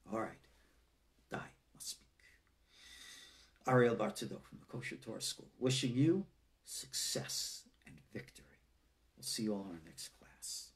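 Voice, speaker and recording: A man's voice: mid-range voice, vocal fry. A middle-aged man, a rabbi, giving a live-streamed lecture in an earnest, emphatic, exhorting way. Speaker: rabbi teaching an online class.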